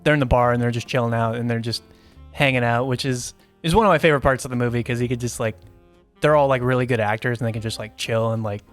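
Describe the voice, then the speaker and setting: Over soft background music, a man co-hosts a podcast in a casual movie review chat, laughing a lot and rambling with fillers. His medium-pitched voice keeps a steady tone and moves quickly.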